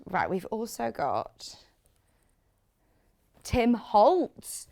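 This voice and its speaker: A woman's voice: medium pitch, sing-song, drawn-out words, creaky, pauses often. A woman presenting fabrics on live shopping television, chatty and gushing, reading out viewer comments as she talks. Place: TV studio.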